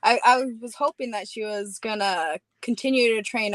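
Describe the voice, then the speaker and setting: A woman from New Mexico, a fighter guesting on a podcast, chatty and quick to laugh. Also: fairly high pitch, a bit bright, dry recording, poor audio. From New Mexico, USA. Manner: chatty, laughs often, "you know what I mean". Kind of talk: casual interview chat.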